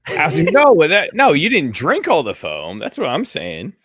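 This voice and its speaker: A man with a mid-pitched voice that swings widely up and down, cracking teasing jokes in a podcast chat. The sound is dry and close. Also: wildly swooping pitch, normal speed, a bit bright, husky, no room sound. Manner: wisecracking, teasing. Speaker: podcast co-host. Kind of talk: casual chat.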